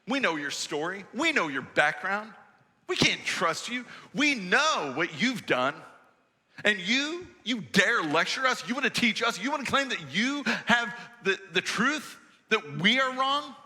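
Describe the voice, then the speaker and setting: A preacher playing sneering religious elders. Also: male voice, high-pitched, very animated, measured pace, big-room sound, voice pushed up, full character voice. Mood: scornful. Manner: mocking, accusing and loud. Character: scornful male religious leaders, contemptuous.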